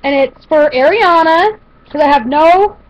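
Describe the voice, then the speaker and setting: A woman's voice: high-pitched, lively intonation, a little slow. A woman chatting casually to camera as she shows a shopping haul, rambling with fillers and restarts. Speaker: vlogger showing a shopping haul. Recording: dull lo-fi home video audio.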